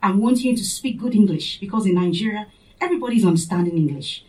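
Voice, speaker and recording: A woman's voice: mid-range voice, quick pace, dark tone, recorded from a distance, close to an everyday voice, low-quality recording. A woman reading a story, voicing an earnest, tender mother pleading with her daughter.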